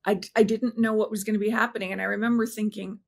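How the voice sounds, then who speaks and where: A woman in an interview, telling a personal story earnestly and haltingly, often restarting her sentences and slowing down at emotional points. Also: mid-range voice, little pitch movement, vocal fry. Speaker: interview guest.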